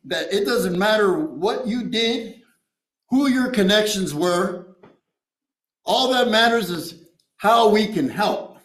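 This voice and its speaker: A high-voiced man shares his recovery story in a meeting room, speaking in a streetwise, profane way and tossing in "you know" and "right?". The recording is low-quality, with an echoey room.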